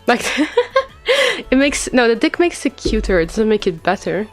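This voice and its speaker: A woman's voice: on the high side, big pitch swings, measured pace, soft background music. A young woman chatting casually while streaming a game, giggly and rambling with self-deprecating asides.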